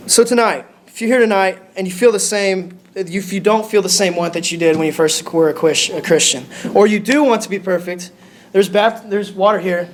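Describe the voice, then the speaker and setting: The speaker is a young lay preacher with a high-pitched voice, offering a brief lesson in a church sanctuary. He sounds nervous, hesitating and restarting his sentences again and again.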